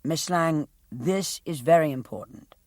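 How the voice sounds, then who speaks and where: A woman voicing a deliberate male prosecutor. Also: low voice, a little mellow, dry recording, clean studio sound. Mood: questioning. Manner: formal, deliberate questioning. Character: measured male prosecutor questioning a witness. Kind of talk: audiobook character reading.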